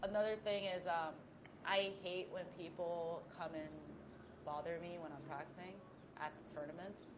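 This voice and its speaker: A woman, a professional golfer, telling a story as a guest in a casual chat with lively asides. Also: lowish voice, moderate pace, noisy background.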